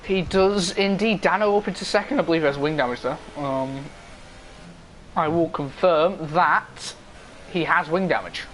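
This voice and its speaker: A man's voice: fairly high pitch, moderate pace, a bit bright, a little hiss or hum, poor audio. A man co-commentating an online racing game, his voice straining as his throat gives out.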